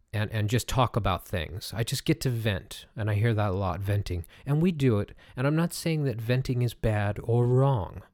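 A man hosting a reflective self-help podcast, speaking calmly and gently in an unhurried way with small restarts. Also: mid-range voice, dry recording, studio quality. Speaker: podcast host.

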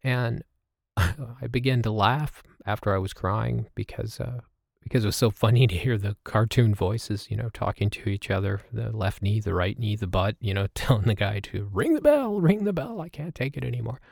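A man telling a reflective personal story as a host, halting and with many fillers. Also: fairly low pitch, fairly even intonation, vocal fry, a little mellow, no echo, studio quality. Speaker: podcast host. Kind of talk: personal storytelling about meditation.

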